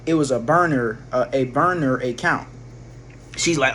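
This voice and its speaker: A man's voice: medium pitch, unhurried, fairly bright tone, a little hiss or hum. A man casually telling a personal story, rambling with slang, swearing and frequent restarts. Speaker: vlogger.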